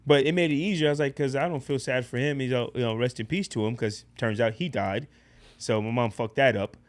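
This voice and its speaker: A man casually telling a personal story in a blunt, profane, animated way as a podcast guest. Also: medium pitch, a little fast.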